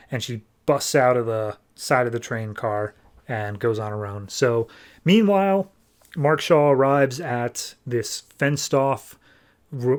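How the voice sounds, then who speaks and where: Male podcast host with a mid-pitched voice, relaxed and wry as he recaps comics. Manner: laid-back, wry, with frequent restarts. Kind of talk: casual recap and review.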